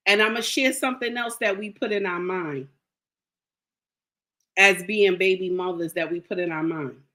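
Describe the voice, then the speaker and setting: A woman's voice: medium pitch, moderate pace, pushed and bright. A woman giving blunt, emphatic relationship advice straight to camera, scolding and repeating her points for weight. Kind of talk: direct-to-camera advice monologue.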